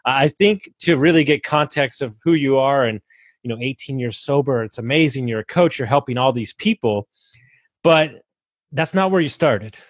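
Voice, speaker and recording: Male podcast host, relaxed chatty interviewer, mid pitch, dry close recording. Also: moderate pace, no echo. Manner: relaxed, chatty, with many fillers and laughs. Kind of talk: casual interview chat.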